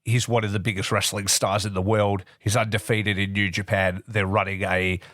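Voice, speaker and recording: A man's voice: fairly low pitch, normal speed, dry recording, clean studio sound. A man co-hosting a casual wrestling podcast, swearing freely and acting out other people's lines with lots of energy. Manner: swears a lot, animated, acts out wrestlers' lines. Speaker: podcast co-host.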